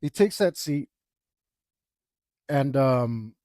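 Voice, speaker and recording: A man's voice: mid-range voice, lively intonation, extremely slow, a little mellow, no echo, studio quality. A young man casually telling a rambling, self-deprecating story, with lots of fillers, while he draws. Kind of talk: casual anecdote while drawing.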